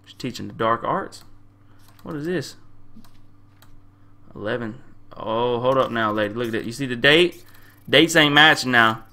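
A young man playing a game and commentating, loud and crude, trash-talking the characters in slang and often repeating himself. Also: medium pitch, a little slow, pauses often. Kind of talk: profane casual gameplay commentary.

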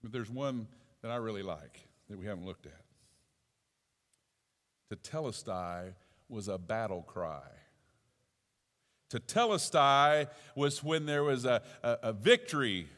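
A male pastor preaching a sermon, swinging from quiet asides to shouted exclamations. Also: mid-range voice, animated, unhurried, pauses often. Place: church sanctuary. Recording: long church reverb.

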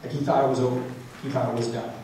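A man's voice: mid-range voice, rapid-fire. A young man giving a storytelling motivational speech to students at a school assembly, full of casual "like" fillers. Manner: animated storytelling, frequent "like" fillers. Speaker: motivational speaker. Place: large school gym or auditorium. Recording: very echoey hall, distant, noisy.

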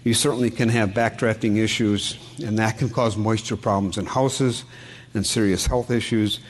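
His voice sits on the low side, steady in tone and moderate in pace. This middle-aged Wisconsin home inspector presents a seminar conversationally, in a folksy manner, telling anecdotes and asking the room questions.

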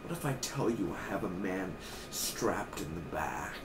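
A man voicing a coldly threatening male gang leader, speaking low and slow. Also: lively intonation, heavy background noise. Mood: menacing.

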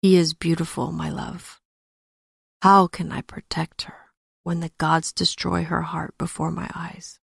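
A woman voicing a warrior prince who speaks gently and soothingly to his wife, in her own low, gravelly voice. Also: little pitch movement, measured pace, no echo, clean studio sound, exaggerated voice. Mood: sorrowful. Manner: gentle and soothing, softly spoken. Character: tender warrior prince, loving husband.

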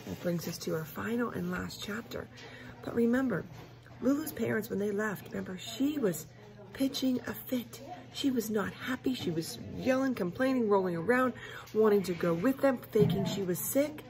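A woman reading a children's book aloud expressively, pausing to explain the story to listeners. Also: mid-range voice, gravelly, darkish tone. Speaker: reader.

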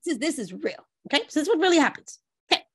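High-voiced, animated woman relationship coach. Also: rapid-fire. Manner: lively, breaks into playful quoted voices. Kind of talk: animated advice chat with acted-out quotes.

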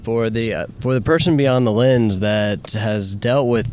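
A man's voice: mid-range voice, unhurried, a little hiss or hum. Empathetic male interview host from Tennessee. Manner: empathetic, reactive, expressive. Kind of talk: casual interview.

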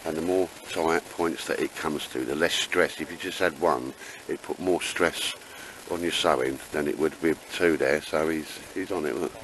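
Guy, low voice, banter-heavy camping vlog chat outdoors. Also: normal speed, hardly any pauses, a bit bright, a little hiss or hum, poor audio. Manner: chatty, banter-heavy, British slang. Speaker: camping vlogger. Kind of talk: casual chat while camping. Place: campsite outdoors. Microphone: handheld camera.

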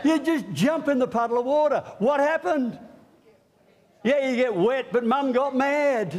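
A man's voice: very high voice, measured pace, a faint crowd. A middle-aged man preaching an Easter sermon in a church, joking and drawing the congregation in. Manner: animated, joking, talks with the congregation. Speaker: pastor.

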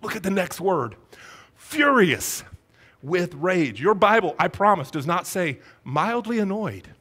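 A man preaches in an animated, storytelling way, putting on voices for the characters and firing rhetorical questions at his listeners. His voice sits a little high and swings widely in pitch as he builds the story. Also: moderate pace, slightly rough. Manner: conversational, rhetorical questions to the congregation. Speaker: pastor. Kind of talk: sermon.

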